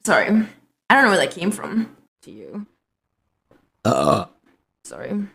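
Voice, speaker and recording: A woman's voice: on the low side, huge pitch swings, measured pace, creaky, pushed and bright. A young woman streaming casually to her chat, talking loosely and apologizing over and over. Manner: chatty, keeps apologizing.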